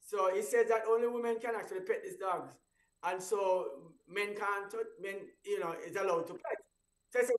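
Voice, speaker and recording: A man's voice: high voice, moderate pace. A man hosting a breakfast radio show in casual chat, rambling and restarting his sentences and chuckling at his own stories. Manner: rambling, stumbling restarts, laughing at own story. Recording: roomy echo, voice far from mic.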